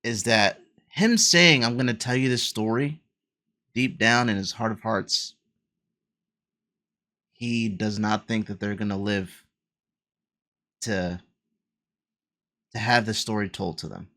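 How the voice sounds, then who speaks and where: A man's voice: fairly low pitch, takes it slowly, long pauses, sharp tone. A man hosting a reaction video, talking casually and emphatically, with frequent swearing. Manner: emphatic, exclaiming, swears often.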